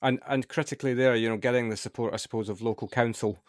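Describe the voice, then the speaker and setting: A man's voice: mid-range voice, fairly even intonation, fast, dry recording. Male interviewer, encouraging, reflective, dry close sound. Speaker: podcast host. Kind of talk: casual interview.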